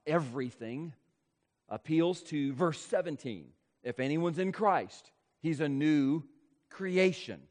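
A man preaching an expository sermon as pastor, speaking emphatically and slowing down to stress key points. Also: a little high. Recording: long hall reverb.

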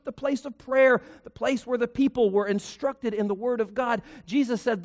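A man's voice: very high voice, normal speed, few pauses, in a large hall. A man preaching a sermon as pastor, with folksy humor and rhetorical questions.

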